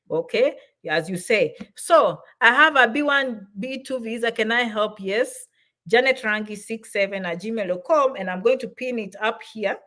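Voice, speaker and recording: A middle-aged woman hosting a casual livestream, reading out viewers' comments and answering their questions warmly. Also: a little high.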